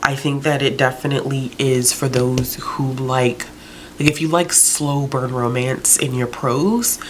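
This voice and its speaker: A woman's voice: a bass voice, fairly even intonation, unhurried, noisy background. A woman book vlogger chatting casually, out of breath, with joking, rambling asides. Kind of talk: casual recommendation vlog.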